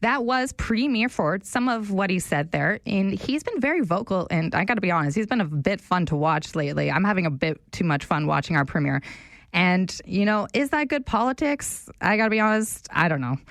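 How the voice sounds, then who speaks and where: A woman's voice: medium pitch, expressive, a little fast, no room sound. Young woman on talk radio, chatty storyteller, dry close sound. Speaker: radio show fill-in host. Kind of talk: casual talk radio chat.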